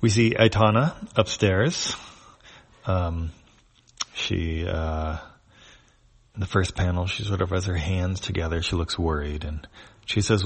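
A man's voice: deep voice, unhurried, creaky, long pauses. A man reading a comic aloud and describing each panel in a plain, hesitant manner. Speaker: webcomic reader.

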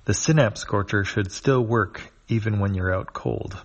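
A man voicing a scheming alien leader in a calm, matter-of-fact way while reading a comic aloud. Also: on the low side, unhurried, dull audio. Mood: sly calm.

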